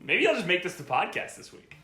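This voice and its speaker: Animated, bright-voiced man in an echoey room. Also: sits high, brisk. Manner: laughs often, rambling storytelling. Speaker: podcast co-host. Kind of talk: casual chat. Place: home during a power outage.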